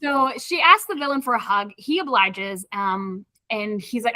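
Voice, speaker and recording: Podcast co-host, woman, bright and lively, recaps the plot with acted-out quotes; close, dry mic. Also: a little high, fairly quick, few pauses, dry recording. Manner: animated retelling, acting out characters' lines. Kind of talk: casual book club chat.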